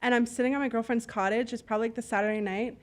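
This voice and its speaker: A woman from Canada, a guest in a casual interview, tells her stories bluntly and with plenty of energy. Her voice sits a bit high, and she peppers her speech with "like" and the odd curse while she acts out what other people said. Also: very fast. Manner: animated, blunt storyteller who swears; fillers and acted-out dialogue. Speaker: podcast guest, business owner.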